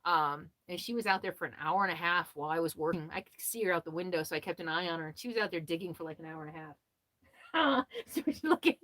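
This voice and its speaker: A woman hosting a casual livestream about RV life, chatting and answering viewer comments, laughing often and quick to apologize. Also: lowish voice, animated, sharp tone. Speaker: RV lifestyle livestream host.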